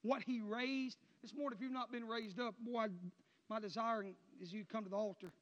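A man preaching a sermon in a church, swinging between shouted passages and low, quiet murmurs. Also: fairly even intonation, normal speed. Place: church sanctuary. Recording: muffled sound with long hall reverb.

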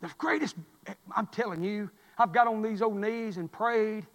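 A preacher with a strikingly high voice delivers a folksy, story-driven sermon. He rises to loud cries, then drops to hushed murmurs. A long hall reverb trails every word. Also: unhurried.

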